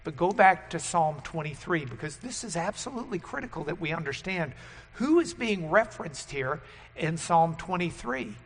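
A man preaching a sermon and teaching at a board, emphatic and loud on key words. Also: a little high, expressive, moderate pace, big-room sound.

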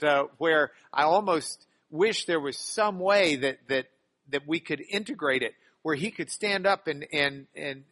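A man's voice: a little high, sharp tone. A man preaching a sermon, rambling and often repeating and restarting his words.

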